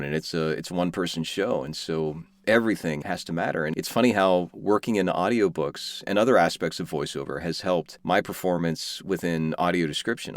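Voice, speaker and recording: Very low-voiced male host, reflective, dry close sound. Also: dry recording. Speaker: podcast host and voice actor. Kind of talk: conversational interview.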